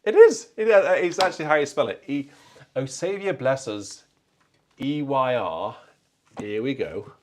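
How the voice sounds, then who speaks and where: Here he speaks unhurriedly in a mid-range, slightly mellow voice with lively intonation, and there's a little hiss or hum. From North Derbyshire and South Yorkshire, with a mild Northern trace in his English accent, he livestreams casually from a church organ, reading comments and musing aloud as he selects stops.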